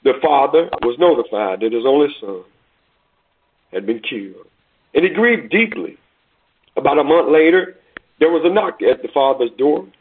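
A man preaching, telling a story in a deliberate, dramatic sermon style. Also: mid-range voice, expressive, breathy edge. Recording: tinny phone-like recording.

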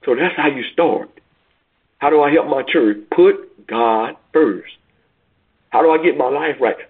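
A man a sermon, repeating his points in call-and-response style and rising to near-shouts on key lines. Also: fairly high pitch, a little fast, slightly rough. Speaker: preacher. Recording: tinny phone-like radio broadcast.

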